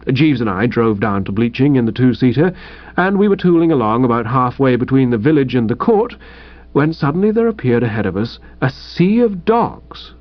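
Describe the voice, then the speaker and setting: A man's voice: mid-range voice, no echo, lo-fi sound. A man narrating a comic novel in a jaunty, upper-class storytelling manner. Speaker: audiobook narrator.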